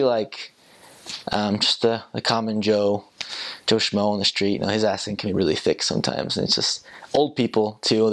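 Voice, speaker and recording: Sex: man. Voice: gravelly, lowish. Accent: American. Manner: relaxed, rambling, with frequent ums, likes and chuckles. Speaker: returned missionary. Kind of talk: casual chat.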